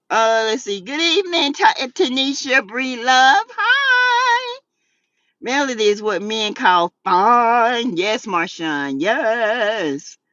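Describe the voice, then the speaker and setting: A Southern woman hosting a casual gossip show, sassy and animated, laughing often as she reads out chat messages. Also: a little high, dry recording, dull audio. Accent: Southern US, South Carolina. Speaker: YouTube talk show host. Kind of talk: casual gossip commentary reading live chat.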